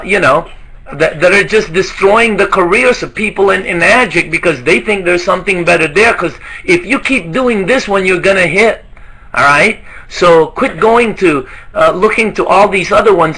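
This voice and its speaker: High, bright-voiced motivational trainer man. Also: slightly rough, poor audio. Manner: emphatic, rhetorical questions and pep talk.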